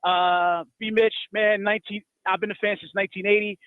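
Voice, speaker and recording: A man's voice: high-pitched, flat delivery, brisk, smooth, no echo. A man from New Jersey calling a sports radio show, heartfelt and stumbling over his words. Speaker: caller. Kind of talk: phone-in call. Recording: tinny phone line.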